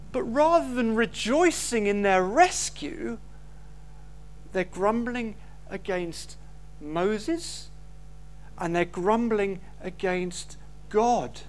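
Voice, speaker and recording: A preacher, giving an emphatic sermon full of rhetorical questions. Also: medium pitch.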